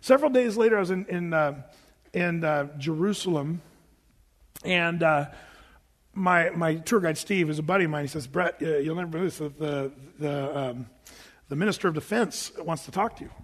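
High-voiced man telling a story in a hall. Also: moderate pace, pauses often. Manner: chatty, self-amused storyteller, laughing often. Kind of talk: storytelling sermon to a live congregation. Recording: long reverb of a big hall.

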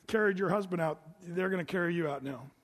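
A man's voice: high voice, quick pace, close to an everyday voice. A man voicing a stern male apostle who questions and accuses, heard in a reverberant hall.

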